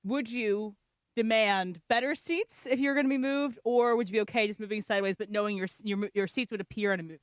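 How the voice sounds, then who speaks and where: A woman chatting quickly and casually on a sports radio show. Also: medium pitch, no room sound.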